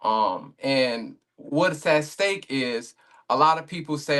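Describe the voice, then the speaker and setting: A man's voice: mid-range voice, animated, slow pace, a bit bright. A man talking casually as a guest on a remote podcast call, laid-back and rambling, with many fillers and restarts. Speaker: league owner guest.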